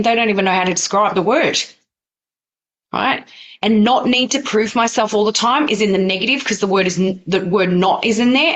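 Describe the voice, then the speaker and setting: A woman's voice: mid-range voice, fairly bright tone. A middle-aged woman teaching practitioners in a blunt, no-nonsense, conversational way during a training session. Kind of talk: recorded training session for students.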